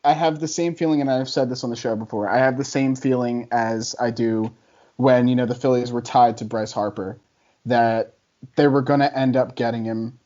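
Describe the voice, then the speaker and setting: A man arguing a contrarian take on a casual podcast, chatty and quick to laugh. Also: medium pitch, steady tone, warm tone, dull audio. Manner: chatty, laughs often, argumentative. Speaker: podcast guest debater.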